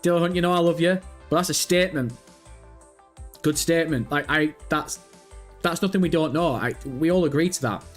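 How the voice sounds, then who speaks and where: On a casual livestream, a man with a slightly high voice talks a little fast as he reads viewer messages aloud and rambles through his replies, swearing freely. Faint music plays in the background.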